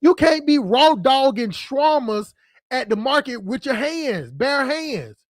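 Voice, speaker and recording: Male livestream host, high-pitched, dry close sound, profane off-the-cuff rants. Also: big pitch swings, dry recording. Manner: blunt, profane, fast-talking, jumps between subjects. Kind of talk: unscripted livestream rant.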